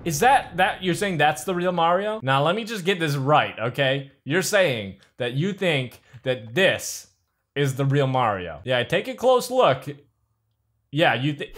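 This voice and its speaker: A man hosting a comedic game video, talking to his character in an excitable way, mumbling one moment and shouting the next. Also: on the high side. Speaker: host narrating a game video. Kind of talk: comedic gameplay narration. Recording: music playing in the background.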